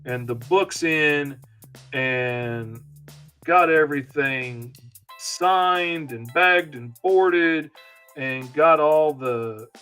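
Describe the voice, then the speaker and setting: A man's voice: fairly high pitch, drawn-out words, sharp tone, clear, resonant tone, soft background music. A man hosting a live comic-inking lesson, chatting casually and rambling in a self-deprecating way while he works and answers viewers. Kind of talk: casual live-stream chat while working.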